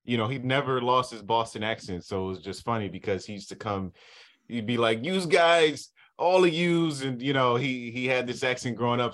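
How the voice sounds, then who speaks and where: A man in his thirties from Southern California, a sports TV reporter chatting as a podcast guest, telling stories in a relaxed, easygoing way. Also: medium pitch. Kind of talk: casual podcast chat.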